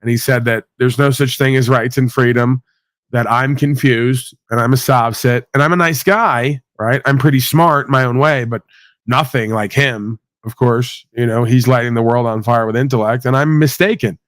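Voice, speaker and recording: A man's voice: medium pitch, moderate pace, no room sound. A man hosting a livestream, ranting casually with blunt, sweary sarcasm. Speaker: livestream host.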